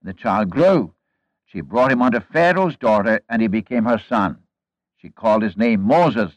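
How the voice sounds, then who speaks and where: A man's voice: lowish voice, animated, normal speed, dry recording, poor audio. A man preaching a sermon, retelling a Bible story in an earnest, folksy way with rhetorical questions and asides to the congregation.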